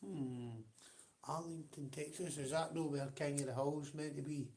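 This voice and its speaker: A man's voice: on the high side, steady tone, moderate pace, warm tone. Sweary Scottish man chatting on a stream. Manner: swears constantly, laughs often, rambling. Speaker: livestream host. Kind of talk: casual chat with viewers.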